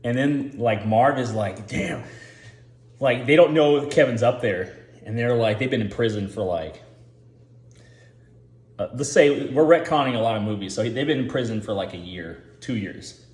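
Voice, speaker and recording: A man's voice: medium pitch, normal speed, a little mellow, roomy sound. A man giving rambling, profane casual commentary, full of filler words, as the host.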